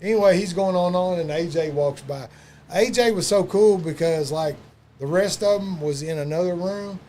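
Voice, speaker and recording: A man with a drawl tells wrestling stories in a loose, rambling way, swearing freely and piling up fillers. His voice sits a touch high for a man. A faint hiss runs under the recording. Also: moderate pace, dark tone. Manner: loose, profane storytelling with lots of fillers. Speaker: wrestling podcast guest. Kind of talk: casual storytelling chat.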